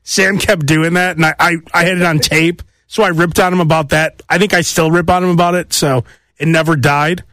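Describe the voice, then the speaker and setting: High-voiced ranting male podcast host. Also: level tone, a little fast, pushed and bright, no echo, studio quality. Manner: brash, profane, ranting. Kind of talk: casual comedic chat.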